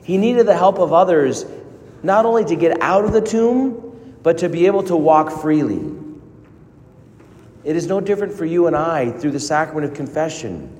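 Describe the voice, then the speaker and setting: A man preaching a sermon as a priest, earnest, with dramatic pauses and rising emphasis. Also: on the high side, expressive, darkish tone. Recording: long reverb of a large hall.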